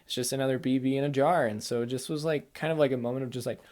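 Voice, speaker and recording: Male gaming host, mid-range voice, excitable casual spoiler rambling. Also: mid-range voice, rapid-fire. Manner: rambling and excitable, heavy use of "like" and "kinda". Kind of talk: casual spoiler chat about a video game.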